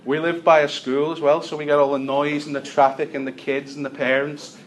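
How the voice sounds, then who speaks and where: A young man from Liverpool with a Liverpool accent doing a stand-up set, deadpan storytelling with punchlines. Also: fairly high pitch, fairly quick. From Liverpool, England. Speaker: stand-up comedian.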